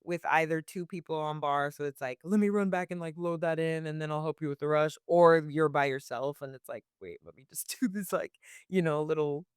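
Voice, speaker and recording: Young woman, barista, casual interview chat, lots of "like", clear smooth voice. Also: low voice, a little fast, no room sound, studio quality. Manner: chatty, many "like" fillers, laughs often.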